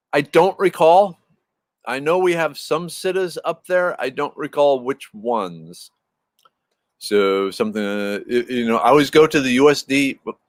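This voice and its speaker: A man's voice: medium pitch, no room sound. A man in his fifties hosting a casual live stream, rambling and answering viewers' messages as they come in. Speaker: livestream host chatting with viewers.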